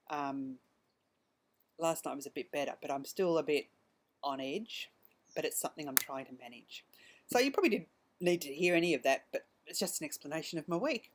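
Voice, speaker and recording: A middle-aged Australian woman talks through her week on her podcast in a relaxed, chatty storytelling manner. Her voice sits a little low for a woman. She slips into other people's lines as she recounts what they said. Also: normal speed, long pauses. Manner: conversational, retelling events with quoted dialogue. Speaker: podcast host. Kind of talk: casual personal storytelling.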